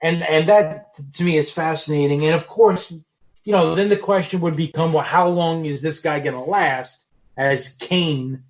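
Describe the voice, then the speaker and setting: A man guesting on a podcast, chatting about wrestling in a relaxed way with lots of fillers. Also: fairly high pitch, moderate pace, poor audio. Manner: relaxed, heavy on "you know" fillers. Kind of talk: casual wrestling podcast chat.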